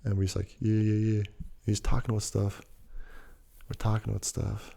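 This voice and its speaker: A man's voice: fairly low pitch, completely flat delivery, normal speed, vocal fry, warm tone. A man telling a personal story in a laid-back, slangy, rambling way that drifts into musing.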